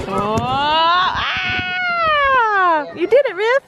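A woman's voice: extremely high pitch, wildly swooping pitch, extremely slow. A woman filming her baby on a lakeside beach, chatting in sing-song baby talk and laughing often. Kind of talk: casual family vlog chat. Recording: outdoor crowd and noise.

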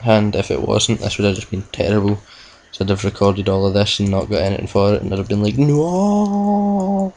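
A man's voice: lowish voice, monotone, fast, creaky, a little mellow, slight background noise, poor audio. A young man giving rambling, self-mocking commentary over a video game playthrough, cursing at the game now and then. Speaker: gamer. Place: at home with a laptop.

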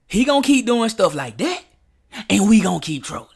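A man's voice: sits high, sing-song, brisk, gravelly, husky. A man hosting a reaction video, talking in slangy, casual commentary straight to his viewers.

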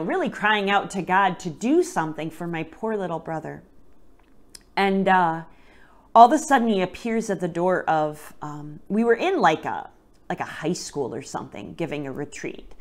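A woman hosting a podcast, telling a personal faith story gently and reflectively, her voice sometimes dropping to a hushed near-whisper. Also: fairly low pitch, lively intonation, normal speed.

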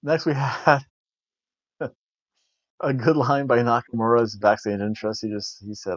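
Unhurried and pausing often, a man with a mid-range voice and fairly even intonation hosts a wrestling review show. He rambles, jokes and keeps restarting, recorded dry and dull in lo-fi with no echo.

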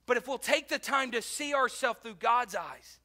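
A male pastor delivering a sermon with a very high, bright, keen-edged voice. He swings from loud, emphatic bursts to quiet, close asides and repeats key phrases for weight. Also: expressive, normal speed.

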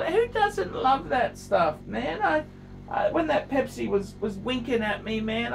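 A middle-aged man, rambling in a self-pitying vlog monologue, repeating himself with big swings in pitch. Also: expressive, measured pace, vocal fry, fairly bright tone. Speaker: watch vlogger. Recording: distant mic with faint background noise.

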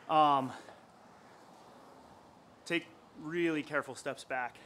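A man coaching and joking with friends during a gym workout, laughing often and swinging between loud bursts and low mutters. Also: big pitch swings, slow, pauses often, noisy background. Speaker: jump coach. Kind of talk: casual gym vlog chat.

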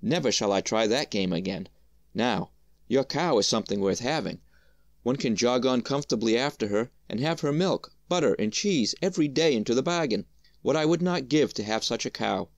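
A man's voice: mid-range voice, expressive, moderate pace, creaky, no room sound, clean studio sound. A man voicing Hans, a cheerful, simple-minded young man, in a storybook reading, with an eager, raised voice. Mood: naive, delighted.

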